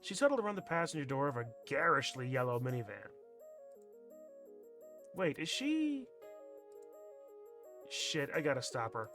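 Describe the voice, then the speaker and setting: A man's voice: mid-range voice, big pitch swings, normal speed, long pauses, a bit bright, soft background music. A man streaming a visual novel, reading it aloud and dropping sardonic, wry asides.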